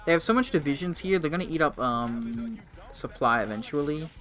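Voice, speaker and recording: A man's voice: fairly high pitch, lively intonation, a little fast, a bit bright. A man in his twenties casually commenting on a strategy game during a live stream, rambling and swearing. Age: 20s. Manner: rambling, profane, joking with chat.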